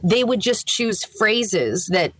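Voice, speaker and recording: A woman's voice: medium pitch, animated, slow, a bit bright, no echo. A woman in her thirties, a voiceover actor, chatting in an interview and explaining things with easy laughs. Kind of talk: casual interview chat.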